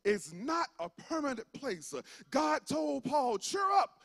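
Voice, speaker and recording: A pastor from Georgia with a Southern accent, preaching a fervent sermon that swings from shouts into a sing-song cadence, with many "uh" fillers. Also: male voice, very high-pitched, sing-song, unhurried, vocal fry. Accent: Southern US (rural Georgia). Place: church sanctuary.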